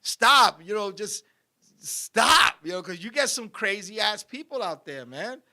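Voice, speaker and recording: A man's voice: high voice, expressive, unhurried, bright, forceful tone. A man hosting a comedy show, ranting with profane jokes and laughing at his own bits, from a Puerto Rican family. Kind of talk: comedic rant with banter.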